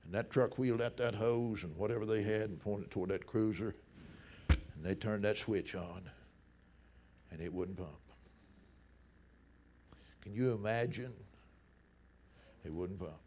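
A middle-aged man preaching a sermon, telling stories in a folksy way that swings between loud bursts and hushed low passages. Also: measured pace, pauses often. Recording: dull lo-fi sound.

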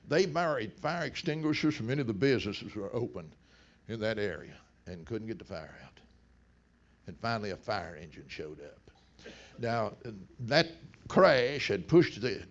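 A middle-aged man preaches in a folksy, storytelling sermon voice. His low, gravelly tone rises into loud bursts and drops to near hush. The recording sounds dull and lo-fi.

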